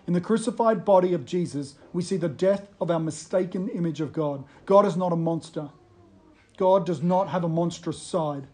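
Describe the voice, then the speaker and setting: An earnest preacher with a mid-range voice works through a sermon point by point. The delivery is explanatory and steady, and quoted passages are read aloud within the talk. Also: medium pitch.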